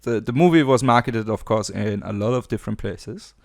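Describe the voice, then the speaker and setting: A man's voice: on the low side, a little fast, gravelly. A young man hosting a podcast in casual chat, joking, laughing often and slipping into mock voices for quotes. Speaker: podcast host.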